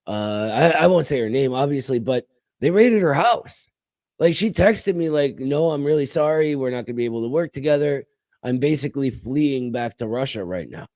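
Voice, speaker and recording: A man's voice: mid-range voice, animated, normal speed, a little mellow, no echo. A man co-hosting a casual political talk show, speaking emphatically and calling his co-host brother. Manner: emphatic, calls people brother.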